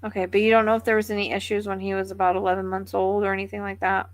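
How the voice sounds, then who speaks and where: A woman's voice: medium pitch, little pitch movement, racing, no echo. A woman psychic medium giving a live reading, thinking aloud in a musing, tentative way.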